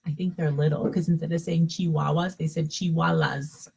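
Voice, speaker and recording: A woman's voice: sits low, gravelly, husky, low-quality recording. A woman teacher at home, reading a picture book aloud to young children and stopping to explain the pictures. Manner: expressive storybook reading, pausing to explain to children. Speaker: kindergarten teacher.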